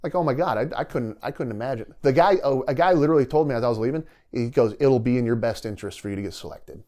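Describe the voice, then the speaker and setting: A middle-aged man, a retired soldier, telling his story as a podcast guest in a casual, animated way, acting out what others said and laughing often. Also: medium pitch, fast talker. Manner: animated storyteller who acts out quoted dialogue and laughs often.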